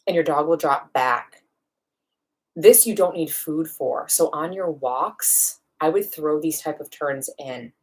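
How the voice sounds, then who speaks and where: A woman dog trainer giving a practical, step-by-step lesson in a live online question-and-answer session, with quick acted-out asides. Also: deep voice.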